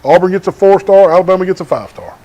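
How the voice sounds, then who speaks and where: A man's voice: high voice, rapid-fire, mellow. Easygoing man co-hosting sports chat. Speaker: sports talk show co-host.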